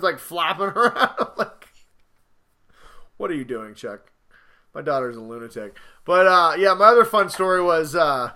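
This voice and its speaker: A man in his thirties co-hosting a casual podcast, telling stories about his kids with lively retellings of their lines. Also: fairly high pitch. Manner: animated storyteller, acts out his kids' lines. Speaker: podcast co-host.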